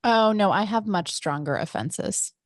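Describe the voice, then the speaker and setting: Woman podcast host, thirties, dramatic comic chatter, average pitch, dead-dry room. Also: expressive, unhurried, no room sound. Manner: dramatic, theatrical. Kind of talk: casual comedic chat.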